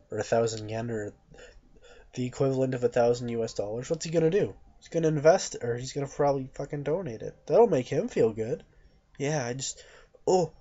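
A man's voice: mid-range voice, mellow, husky. A young man delivering a blunt, profane, mocking rant to camera as a vlogger. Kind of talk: ranting monologue to camera. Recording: dull lo-fi recording.

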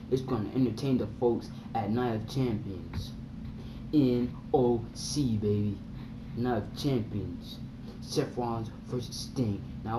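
Excitable young man in an echoey room. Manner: excitable, acts out his reactions in high yelps. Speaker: vlogger. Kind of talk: casual wrestling chat to camera. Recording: echoey room with faint background hum.

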